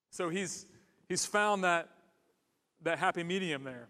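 Casting: earnest sermon from a high-voiced man, echoey church hall. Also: a little slow, pauses often, a bit bright. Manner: earnest, conversational, with restarts and humor. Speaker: pastor.

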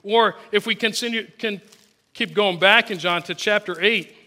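A male preacher with a high-pitched voice gives a sermon. He reads scripture passages aloud, then explains them in an earnest way. His tone is bright and clear. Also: moderate pace.

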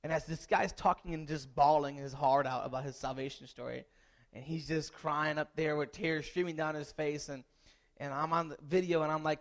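A man preaching as a pastor, moving from a relaxed story to loud, repeated calls to the congregation. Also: fairly high pitch, normal speed. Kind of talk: sermon.

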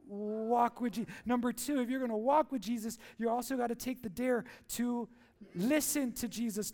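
A man's voice: very high voice, darkish tone. A man preaching a sermon as pastor in a church, playful and jokey, asking the crowd questions and answering them.

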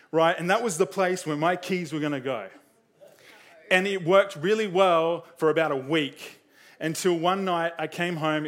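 Delivering a laid-back, chatty sermon, this young male preacher fills his speech with fillers and acts out quotations in a raised voice. His voice is slightly high with a fairly bright tone.

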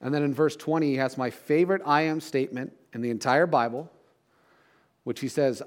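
A man's voice: medium pitch, a little fast. A middle-aged man, a pastor, preaching a sermon in a conversational way, often checking in with "right?".

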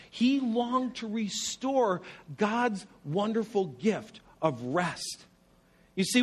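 Male pastor, high voice, lively humorous sermon, rhetorical questions. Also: breathy edge.

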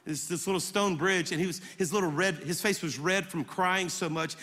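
Brief: male pastor, high bright voice, emphatic storytelling sermon, long hall reverb. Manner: animated, emphatic storytelling with rapid repetitions. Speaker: guest pastor.

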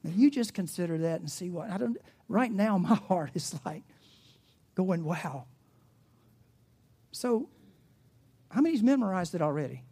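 A pastor preaching a sermon, animated and asking the congregation questions, dropping to a soft, hushed voice in reflective passages. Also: mid-range voice, moderate pace, long pauses, husky.

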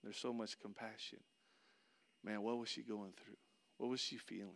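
A middle-aged man preaching a sermon, telling a personal story and swinging between loud excitement and hushed, soft passages. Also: on the low side, normal speed, gravelly. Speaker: pastor. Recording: long hall reverb.

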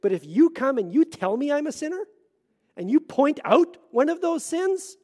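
High-voiced earnest male pastor preaching. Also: very animated, moderate pace, pauses often, slightly rough. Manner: earnest, swings between loud emphasis and hushed asides. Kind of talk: sermon.

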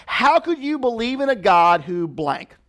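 A man in his thirties preaching a conversational sermon, animated, with many fillers and restarts. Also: extremely high pitch, a little slow. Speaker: pastor.

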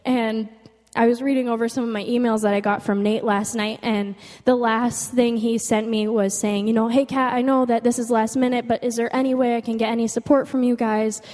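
A young woman with a fairly high voice gives a heartfelt personal testimony. She talks earnestly and emotionally, leaning on "like" as she goes. Her voice rings out with a long hall reverb. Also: steady tone, fairly quick, darkish tone. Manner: earnest and emotional, with frequent "like" fillers. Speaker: speaker giving a testimony.

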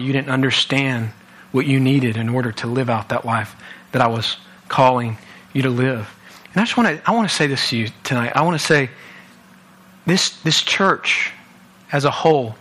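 A man's voice: mid-range voice, sharp tone. A young man giving an earnest sermon at a church youth service, often repeating himself as he restarts. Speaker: guest youth speaker.

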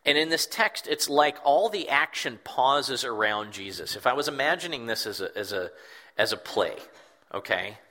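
A man's voice: mid-range voice, lively intonation, moderate pace, pushed and bright. A man preaching a sermon in an earnest, reflective way, repeating words for emphasis. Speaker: pastor.

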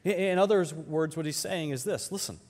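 Pastor preaching in a long-echoing hall. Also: male voice, a little high. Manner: conversational preaching with repeated rhetorical questions; swings between loud emphatic peaks and quiet slowed phrases. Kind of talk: sermon.

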